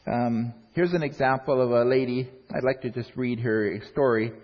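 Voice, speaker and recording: A man's voice: mid-range voice, fairly even intonation, moderate pace. A middle-aged man preaching a sermon in a church, earnest, working through numbered points with frequent restarts. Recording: dull audio in a long-echo hall.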